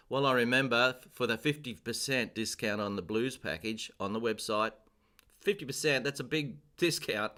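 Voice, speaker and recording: A man teaching a casual live-stream piano lesson, chatty and self-deprecating, chanting rhythms aloud, his voice a little rough with throat-clearing and coughs. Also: medium pitch, moderate pace, bright, forceful tone. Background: piano playing.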